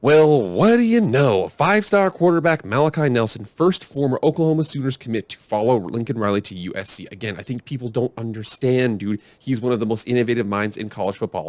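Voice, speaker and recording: Fast-talking man, low voice, dry sound. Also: darkish tone, no room sound. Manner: rambling, self-arguing, restarts often. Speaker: sports video host. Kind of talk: casual commentary.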